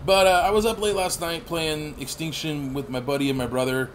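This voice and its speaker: A man in his thirties giving rambling, profane gameplay commentary with sudden excited outbursts. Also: fairly high pitch, fairly quick, slight background noise. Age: 30s. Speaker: gaming channel host.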